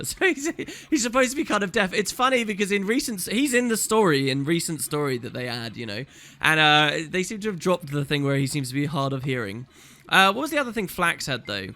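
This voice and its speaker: A man's voice: a little high, animated, brisk, bright, forceful tone. A man hosting a let's play, commenting casually on a game with an amused, chatty manner. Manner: chatty, amused, reading dialogue aloud.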